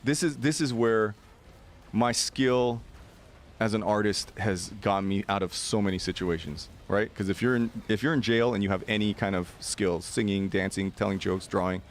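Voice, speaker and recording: 40s guy spinning a story, fairly low voice, acts out the voices, lots of likes and ums. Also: moderate pace, slight background noise. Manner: acts out voices in quotes, many fillers. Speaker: podcast guest. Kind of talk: animated storytelling.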